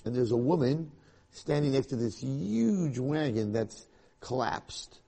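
Husky male Torah teacher, lively storyteller. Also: mid-range voice, slow pace. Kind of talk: storytelling in a class.

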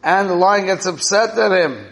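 Explaining a parable in a Torah class, a man keeps checking with listeners using "right?" and "okay?". His high, slightly bright voice has lively intonation and vocal fry at a moderate pace, recorded in a reverberant hall.

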